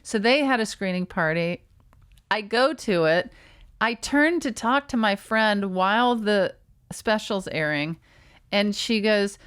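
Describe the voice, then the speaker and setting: A woman comedian and podcast co-host telling a halting, filler-heavy story while she has the hiccups. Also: medium pitch, animated, fairly bright tone, smooth. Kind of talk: casual storytelling chat.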